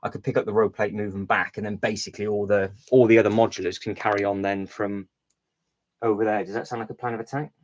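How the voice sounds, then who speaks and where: Quick-paced and lowish with little pitch movement, a man talks on a casual livestream over low-quality audio. He rearranges a build while thinking out loud, rambling full of fillers and false starts.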